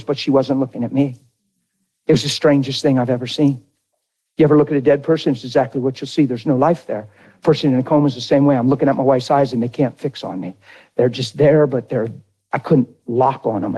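A middle-aged man preaching a sermon through an animated, folksy personal story. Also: mid-range voice, slightly rough. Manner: animated, folksy, drawls into dramatic retellings.

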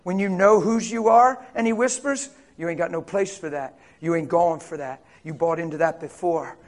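High-voiced man preaching a lively sermon. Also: moderate pace. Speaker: pastor.

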